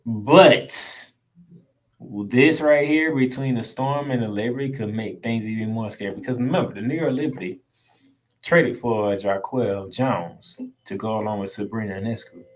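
A man hosting his own sports podcast, recapping games in a solo monologue with an emphatic, excitable, casual slangy delivery and free swearing. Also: on the low side, normal speed, low-quality recording.

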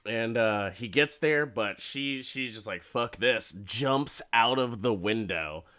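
Young man, casual podcast recap. Drawn-out, deliberate delivery, profane and animated. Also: mid-range voice. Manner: profane, animated, laughs while retelling. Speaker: podcast host recapping a horror episode.

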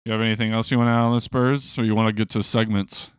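A man co-hosting a sports podcast in relaxed, casual chat, laughing easily. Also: lowish voice, quick pace, smooth, dry recording, studio quality. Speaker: podcast co-host.

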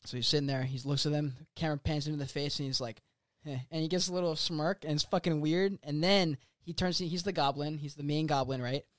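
A man's voice: on the high side, fairly even intonation, fairly quick, few pauses. A man on a podcast casually retelling a film scene, rambling, swearing freely and losing his place. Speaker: podcast co-host.

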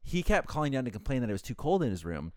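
Young guy, rapid casual talker who acts out both sides of calls, close dry sound. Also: medium pitch, big pitch swings, a little mellow, clear, resonant tone, dry recording. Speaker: hotel front desk worker. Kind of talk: casual chat, storytelling.

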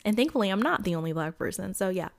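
A woman's voice: medium pitch, animated, quick pace, gravelly. Woman, Midwestern accent with a country twang, podcast host, casual solo chat, chatty, lots of fillers. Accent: Midwestern with a little Southern country twang. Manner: chatty, addresses listeners as y'all, many fillers.

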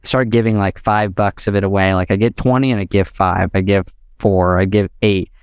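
Lively storytelling man, smooth low voice. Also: no room sound, clean studio sound. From United States. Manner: animated, fast-talking, heavy use of "like" and "literally". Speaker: podcast guest. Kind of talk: storytelling in a podcast interview.

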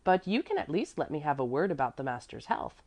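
Earnest, fretful old housekeeper type, emphatic, with lively pitch swings, read by a woman. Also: fairly quick, full character voice. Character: fussy, devoted older woman servant.

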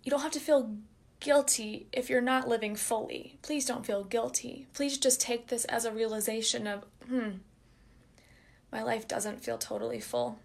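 A woman's voice: a little high, fairly even intonation, moderate pace, vocal fry. A young adult woman hosting a solo podcast, speaking openly and earnestly and encouraging her listeners. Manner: earnest, open and encouraging, addresses listeners directly. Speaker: podcast host and wellness coach. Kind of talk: heartfelt solo podcast talk.

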